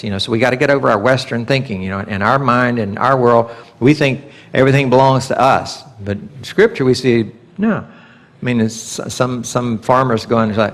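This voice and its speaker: A man's voice: mid-range voice, moderate pace. Conversational male Bible teacher. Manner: conversational, acts out God's voice in quotes. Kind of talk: sermon teaching.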